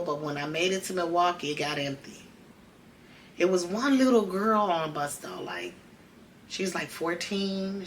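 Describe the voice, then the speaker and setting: A woman's voice: low voice, bright, forceful tone, slight background noise. A woman, host of a podcast, telling a personal story in a conversational, emotional way and acting out the dialogue. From Chicago.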